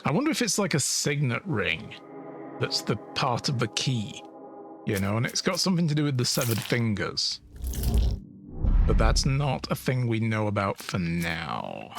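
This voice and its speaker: A man's voice: mid-range voice, very animated, a little slow, vocal fry, over music. A man streaming a video game, chatting casually and thinking aloud with frequent laughs. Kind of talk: casual let's-play commentary.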